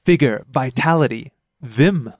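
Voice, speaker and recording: A man's voice: a little slow, no room sound, studio quality. A man hosting a casual language lesson, explaining words with an easy, joking manner. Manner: chatty, laughs easily, explains pitch accent.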